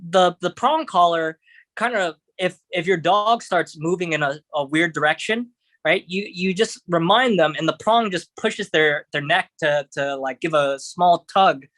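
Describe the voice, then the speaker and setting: Halting man telling a casual story. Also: high voice, fairly bright tone, no room sound. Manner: halting, many restarts and fillers. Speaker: podcast guest. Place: podcast studio.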